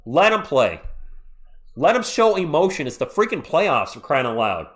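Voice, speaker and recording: A man hosting a live play-by-play stream, calling the action and chatting with viewers in an excitable, jokey way. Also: a little high, moderate pace. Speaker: livestream play-by-play host. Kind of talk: live play-by-play with chat reactions.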